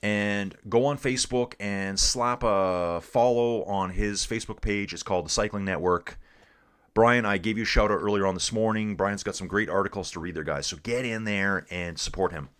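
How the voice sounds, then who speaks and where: Man, very low pitch, laid-back, calls people dude, casual live stream commentary. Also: normal speed, fairly bright tone, smooth. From Canada. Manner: laid-back, calls everyone dude, reads chat aloud.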